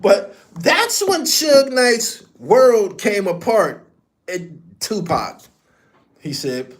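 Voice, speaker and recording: Male podcast host, high-pitched, unhurried, profane storyteller. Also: wildly swooping pitch. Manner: blunt, profane, emphatic storytelling. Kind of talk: casual commentary.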